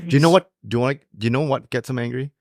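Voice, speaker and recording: A man's voice: mid-range voice, rapid-fire, no echo, studio quality. A man from Canada co-hosting a podcast in casual chat, hesitant and full of fillers. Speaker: podcast co-host.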